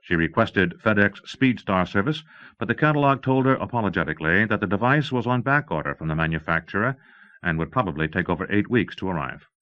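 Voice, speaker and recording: A man reading a novel aloud in a steady, measured narration, on an old cassette recording. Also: on the low side. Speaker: audiobook narrator. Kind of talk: scripted audiobook narration. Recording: dull lo-fi cassette audio.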